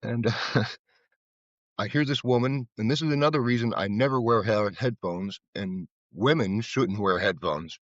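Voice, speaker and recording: A man's voice: fairly low pitch, a little slow, no room sound, dull audio. An American man from Florida, a guest telling loose, rambling stories in casual conversation, with lots of "you know" and repeated words. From Florida, USA. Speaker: guest, flower bike artisan.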